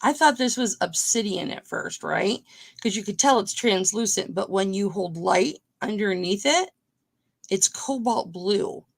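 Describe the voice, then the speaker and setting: A woman's voice: mid-range voice, lively intonation, unhurried, creaky, breathy edge. A woman hosting a live-streamed jewelry auction, chatting casually with viewers by name as she shows and sells pieces.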